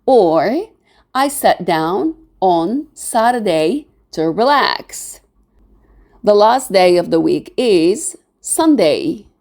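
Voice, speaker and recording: A woman's voice: mid-range voice, very animated, drawn-out words, darkish tone. A woman teaching a beginner English lesson, spelling words out letter by letter, with some non-native phrasing.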